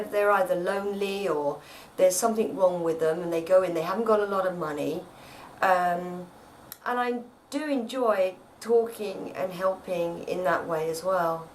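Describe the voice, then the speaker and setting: A woman's voice: mid-range voice, moderate pace, distant mic, slight background noise, low-quality recording. An actress chatting at home in an interview, rambling and often repeating her words. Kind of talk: casual interview chat. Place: at home, indoors.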